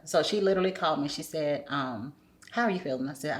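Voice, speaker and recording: Low-voiced woman telling her story. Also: fast talker. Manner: acts out remembered dialogue in varied voices. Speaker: podcast guest. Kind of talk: candid conversational storytelling.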